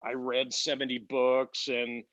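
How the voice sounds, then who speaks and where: A man's voice: medium pitch, monotone, measured pace, fairly bright tone, no echo. A man as an interview guest, telling his story casually, with many fillers and restarts. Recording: dull lo-fi dry sound.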